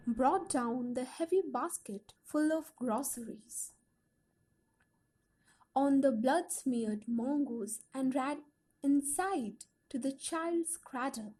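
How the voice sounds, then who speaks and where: A woman reads a textbook story to young learners. Her voice sits high but mellow, and she takes her time over each phrase, lifting the quoted lines with feeling. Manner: slow, careful storytelling with lively quoted voices. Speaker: audiobook reader.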